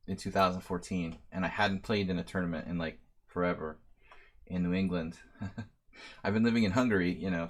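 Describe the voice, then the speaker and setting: A man in his late thirties giving rambling, self-deprecating live-stream commentary while playing many chess games at once. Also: low-pitched. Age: 30s. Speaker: chess master giving a simul.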